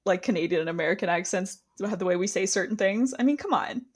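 A woman co-hosting a podcast in casual chat, lively and giggly, who slips into other people's voices when she quotes them. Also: mid-range voice, quick pace, slightly rough. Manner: lively, chatty, giggly, mimics accents when quoting. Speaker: podcast co-host. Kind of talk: casual chat recapping a reality show.

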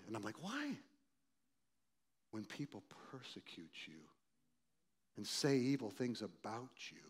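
A man in his sixties, a pastor, telling a personal story in a sermon, acting out voices loudly and then dropping low and quiet.

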